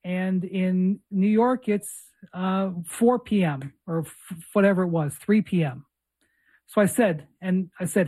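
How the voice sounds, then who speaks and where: A man's voice: high voice, unhurried, a little mellow. A man hosting a podcast in casual chat, telling a rambling story with self-mocking humor. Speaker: podcast host.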